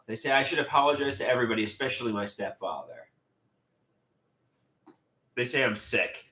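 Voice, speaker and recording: A man's voice: mid-range voice, big pitch swings, pushed and bright, reverberant. Stammering man on a live stream. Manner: halting and repetitive, stammers and restarts often. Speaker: livestreamer. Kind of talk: live stream chat, reading viewer comments.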